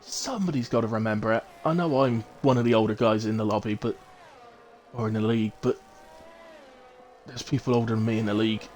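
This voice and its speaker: A man's voice: on the low side, a little fast, darkish tone. A middle-aged man giving chatty live commentary on a sim race, with jokey asides.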